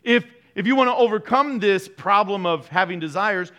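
A man preaching at a church service, his voice high, bright and clear. He swings his pitch around a lot as he teases and jokes through the sermon with sarcastic asides. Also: animated, normal speed, hardly any pauses. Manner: joking, sarcastic asides, playful. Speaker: pastor.

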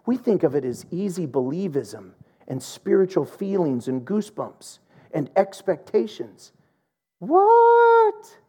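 Animated male pastor telling a story. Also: on the high side, normal speed, husky. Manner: animated storytelling, acting out quoted voices. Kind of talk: sermon with a personal story.

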